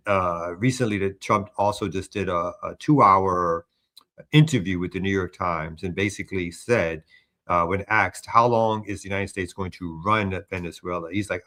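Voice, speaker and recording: A man's voice: low voice, normal speed, fairly bright tone. A man hosting a morning show, talking through a news story in an earnest, discursive way. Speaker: news commentary host. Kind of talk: political news commentary.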